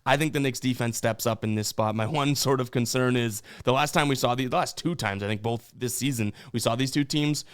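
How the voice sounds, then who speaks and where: A man's voice: mid-range voice, brisk, few pauses, smooth. A young man hosting a sports betting show, casually talking through picks with loose fillers and restarts.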